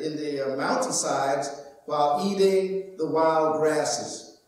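Man preaching slow n steady, reading scripture and telling a story, lots of church echo. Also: high voice, recorded from a distance. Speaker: pastor. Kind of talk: sermon with storytelling. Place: church sanctuary.

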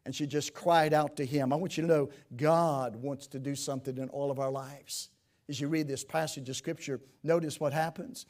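A man pastor preaching a sermon in a church, rising to loud emphatic peaks and dropping to quiet pleading, with old scripture phrasing. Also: fairly high pitch.

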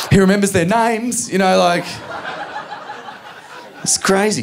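Australian man doing stand-up, raised voice. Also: fairly high pitch. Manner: animated storytelling, acting out quick voices of family members. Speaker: stand-up comedian. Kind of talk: stand-up comedy routine. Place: live comedy venue with audience laughter.

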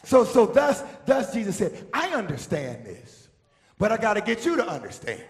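A pastor preaching a sermon, leading the congregation in call-and-response and swinging from quiet speech to shouting. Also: male voice, high voice, huge pitch swings, normal speed, echoey room. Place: church sanctuary.

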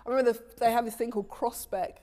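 A woman, a TV director, telling animated stories about her career as an interview guest, often restarting her sentences and laughing easily. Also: on the high side, rapid-fire. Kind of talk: casual interview storytelling.

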